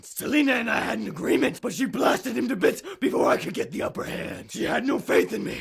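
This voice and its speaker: Boastful parody superhero, a man playing him high and gravelly, full of self-regard and big swoops. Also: exaggerated voice. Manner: boastful, refers to himself in third person. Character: pompous self-obsessed male superhero parody.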